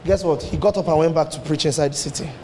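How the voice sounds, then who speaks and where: A man with a high voice preaches a sermon in a church hall, full of rhetorical questions and sudden leaps and drops in pitch. A long hall reverb trails every phrase. A faint hum of ambience sits underneath. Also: quick pace, dark tone.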